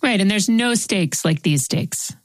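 A woman's voice: medium pitch, expressive, unhurried, dry recording. A woman hosting an interview, reflective and articulate as she responds to her guest. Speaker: host. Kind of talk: interview conversation.

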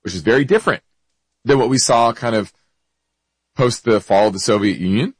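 A man's voice: medium pitch, a little fast, breathy edge, dry recording, rough recording. A man hosting an investment show, explaining markets and answering a listener's question, with hiccups and frequent self-corrections.

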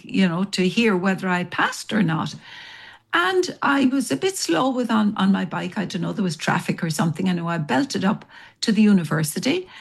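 An Irish woman being interviewed as a guest, telling long stories in a rambling, animated way. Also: mid-range voice, gravelly, breathy edge. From Ireland. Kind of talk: storytelling interview.

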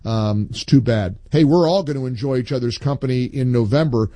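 A man hosting a call-in talk radio show, reading listener posts aloud with emphatic pauses and chatting with callers. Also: medium pitch, mellow, dry recording.

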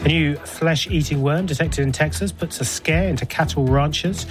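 A man reading radio news headlines in a brisk delivery. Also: fairly high pitch, over music. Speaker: news presenter.

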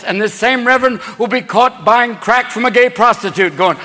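A man performing a stand-up comedy set on stage, rapid-fire and switching into shouted silly voices. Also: very high voice, sing-song. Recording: live hall recording with crowd noise. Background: laughing audience.

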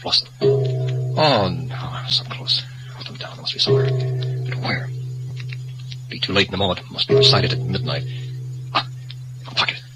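An uneasy young man voiced by a man in an old radio play, muttering his thoughts aloud. His voice sits very low, and he sounds hesitant and uneasy. Clear music runs behind him. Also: moderate pace, long pauses, natural voice, low-quality recording. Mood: frightened. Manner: hesitant, uneasy, talks to himself. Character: nervous young man dabbling in a ritual. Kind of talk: radio drama acting.

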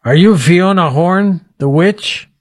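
A man's voice: sits high, slow pace, no room sound, clean studio sound. A man hosting a radio talk show, teasingly quizzing a mystery guest. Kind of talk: playful radio interview.

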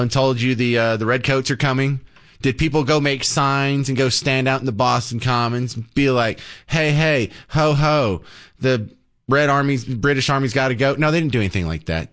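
A man's voice: mid-range voice, a bit bright. A man hosting a talk radio show, delivering a sarcastic, mocking monologue.

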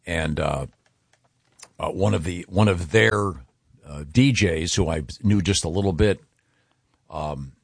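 A man hosting a radio show, telling a story in a rambling, halting way with plenty of fillers. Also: sits low, vocal fry, breathy edge, dry recording, studio quality. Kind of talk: casual morning show banter.

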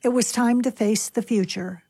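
A woman reading a book aloud on a radio show in a calm, measured way. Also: a little high, breathy edge, no room sound.

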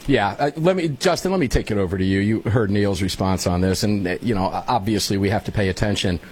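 A man hosting a political panel show, animated and prodding guests by name with his questions. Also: lowish voice, quick pace, a little hiss or hum. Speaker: show host.

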